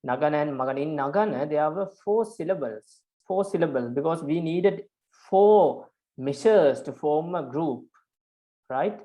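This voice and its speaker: Halting man teaching a class. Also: a little high, expressive, warm tone. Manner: repetitive, halting, many fillers and restarts, checks understanding with "right?". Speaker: teacher of Pali prosody. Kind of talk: live online class lecture.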